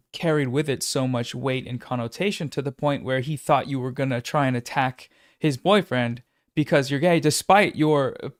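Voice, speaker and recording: Halting male stream host, dry sound. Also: medium pitch, dry recording. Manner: halting, searching for words. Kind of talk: casual chat.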